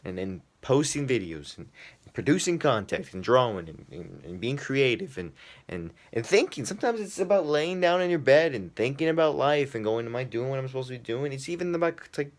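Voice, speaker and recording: An earnest young man delivers a rambling motivational monologue, stumbling over repeated words as he works out his thoughts aloud. His voice sits at an ordinary middle pitch for a man. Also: very animated, moderate pace. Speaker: podcast host.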